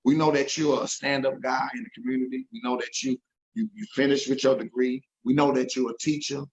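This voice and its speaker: A man's voice: mid-range voice, steady tone, fairly quick, muffled recording. A man telling an emotional story as an interview guest, earnest and repeating himself when moved.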